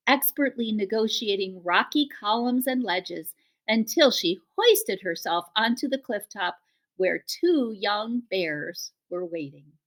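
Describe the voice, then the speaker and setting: Lady reading a kids book out loud, super animated voice, expressive. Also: medium pitch. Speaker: audiobook reader. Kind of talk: storybook narration.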